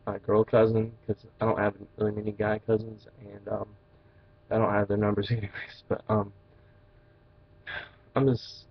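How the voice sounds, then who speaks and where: Low, flat-voiced hesitant teen boy. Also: no echo, dull audio. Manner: hesitant, halting, many fillers and restarts. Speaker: vlogger. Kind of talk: personal confessional vlog.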